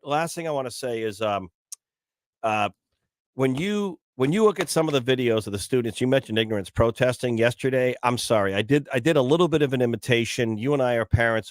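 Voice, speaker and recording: Man, morning radio talk host, chatty, animated storyteller, frequent restarts, dry studio sound. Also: mid-range voice, dry recording.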